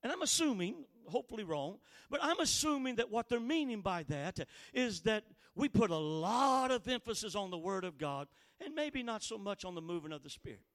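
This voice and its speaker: Man preaching, very high voice, impassioned sermon, rising to shouts, deliberate scripture reading. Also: sing-song. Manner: impassioned, building to shouted emphasis; reads scripture slowly and deliberately.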